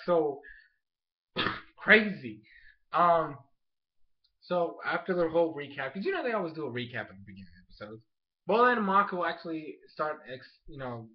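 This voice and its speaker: An excitable man with a high voice rambles through a casual episode recap, tossing in filler words constantly. The sound is dull and lo-fi, like a cheap home recording. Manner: excitable, rambling, heavy use of "like" and "oh my gosh". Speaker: anime show reviewer.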